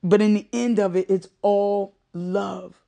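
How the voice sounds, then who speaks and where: A woman's voice: mid-range voice, steady tone, unhurried, gravelly, mellow. Emotional middle-aged woman, heartfelt. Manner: emotional, choking up; repetitive emphatic phrasing. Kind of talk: heartfelt monologue.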